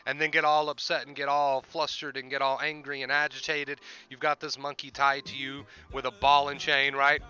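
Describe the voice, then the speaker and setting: A man's voice: medium pitch, level tone, moderate pace, few pauses, bright, forceful tone, smooth, muffled recording. A man hosting a livestream, explaining with repetition and emphasis in casual talk. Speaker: livestream host and life coach.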